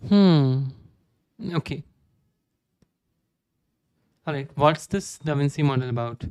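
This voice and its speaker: A young man with an Indian accent streaming live code, reading documentation aloud and thinking out loud with many "okay"s. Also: medium pitch, lively intonation, slow, smooth, no room sound. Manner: reads docs aloud, frequent "okay" fillers.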